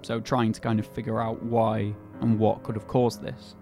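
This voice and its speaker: Gravelly, low-voiced man telling a story. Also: level tone, normal speed, music in the background. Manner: easygoing, hesitant storytelling with fillers. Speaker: podcast host telling the story. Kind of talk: casual chat.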